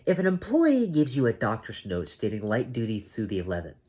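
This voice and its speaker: A security guard venting to his camera, half awake, emphatic and cursing on purpose, often mimicking managers in a high mocking voice. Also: huge pitch swings, fairly quick, darkish tone, slightly rough.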